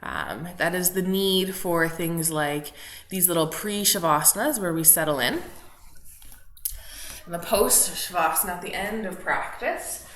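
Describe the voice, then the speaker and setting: A woman guiding a gentle yoga class from her home studio, calm and soothing, with chatty asides. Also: fairly low pitch, a little slow. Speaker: yoga teacher. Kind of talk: guided yoga class instruction. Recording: very echoey home room with faint household noise. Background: household noise, TV news and dishwasher.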